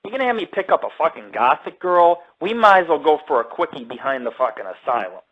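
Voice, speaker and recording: A man's voice: fairly high pitch, big pitch swings, fairly quick, lo-fi sound. A man hosting a live radio show, telling a story in blunt, heavily profane casual talk. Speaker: radio show host and paranormal group founder.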